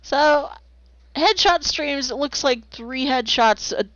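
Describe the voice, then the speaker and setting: A woman's voice: high-pitched, slow, fairly bright tone, no echo. A woman streaming while she draws, chatting casually and playfully, rambling and making silly noises. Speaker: streamer drawing commissions. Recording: slightly dull lo-fi, dry.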